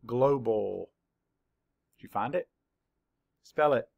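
Guy teacher going super slow thru spelling words, kinda gravelly, dry close sound. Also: mid-range voice, animated, no room sound. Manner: slow, patient spelling-out of letters. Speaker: third-grade teacher. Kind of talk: slow spelling lesson for children.

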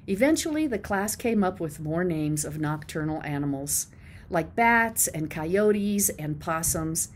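Woman teacher reading a kids' book aloud, slow and very expressive, with faint background noise. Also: on the low side. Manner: expressive storytelling with voices. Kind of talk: children's book read-aloud.

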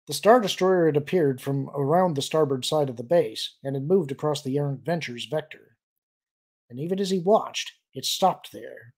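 A man reading a science-fiction novel aloud as a steady audiobook narrator. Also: medium pitch, creaky, breathy edge. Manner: steady storytelling delivery. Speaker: audiobook reader. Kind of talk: scripted narration.

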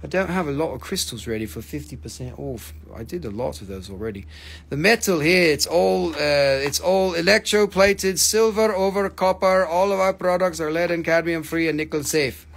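A man hosting a live stone sale stream, joking and rapidly reading out prices and item codes. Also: fairly high pitch, creaky. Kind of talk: live stream sales chat.

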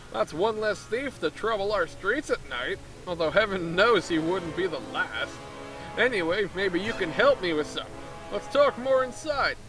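A man's voice: sits high, poor audio. Man putting on a mock-Canadian scheming merchant. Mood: conspiratorial. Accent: mock Canadian, tagging "eh" onto lines. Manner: reading dialogue aloud, hammy and conspiratorial. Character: scheming middle-aged male town merchant.

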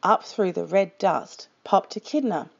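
A woman reading a children's picture book aloud with slow, expressive storytime delivery. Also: medium pitch, gravelly, slightly rough, muffled recording.

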